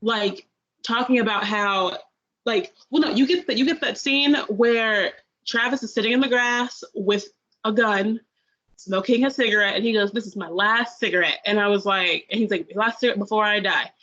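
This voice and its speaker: A woman's voice: mid-range voice, normal speed, a bit bright. A young woman co-hosting a podcast, telling a long, rambling story about binge-watching a show in a casual review chat. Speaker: podcast co-host. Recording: dull lo-fi sound.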